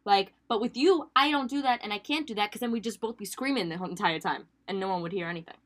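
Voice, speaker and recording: A woman's voice: medium pitch, fast talker, fairly bright tone. A woman co-hosting a casual podcast chat, teasing and chatty, often saying "like". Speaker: podcast co-host.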